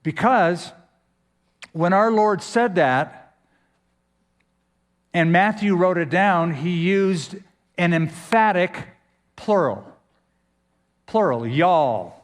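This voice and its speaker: A man preaching a sermon as pastor, emphatic, with dramatic pauses and sudden swings in pitch. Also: lively intonation, in a large hall.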